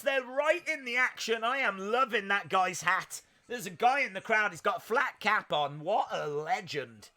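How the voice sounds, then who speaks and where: A high-pitched man hosts a live wrestling watch-along stream. His commentary is jokey and excitable, and he bursts into shouts at the big moments.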